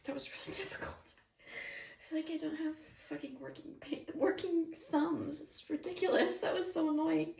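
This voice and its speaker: A woman's voice: high voice, expressive, normal speed, vocal fry, darkish tone, distant mic. A young woman streaming from her bedroom, chatting casually with lots of swearing and rambling asides. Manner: swearing, rambling, swings between giddy and teary. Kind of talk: casual chat. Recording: roomy echo, a bit off mic.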